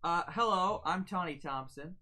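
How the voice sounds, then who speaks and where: A man's voice: high-pitched, moderate pace, a loud crowd. A man playing in a tabletop game, talking hesitantly and joking with the table. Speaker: player. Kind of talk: casual tabletop chat.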